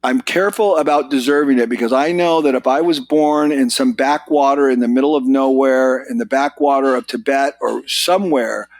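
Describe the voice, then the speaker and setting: An American man in his sixties, a podcast guest telling stories in casual chat, his voice jumping up when he gets excited. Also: normal speed, few pauses, no echo. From United States. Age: 60s. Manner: animated storyteller, pitch jumps when excited. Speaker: podcast guest, business author.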